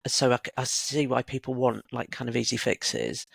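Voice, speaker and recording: A woman's voice: a bass voice, moderate pace, vocal fry, slightly rough, no echo. A woman in her sixties, a guest creative coach, talking reflectively and telling stories in a casual conversation. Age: 60s. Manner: reflective, animated storyteller.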